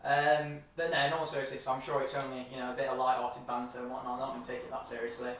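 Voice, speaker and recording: Man, young adult, sweary banter, sharp tone, roomy echo, distant mic. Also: mid-range voice, fast talker, a little hiss or hum. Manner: sweary, joking, animated. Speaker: co-host. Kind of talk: casual banter. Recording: echoey room from a distance.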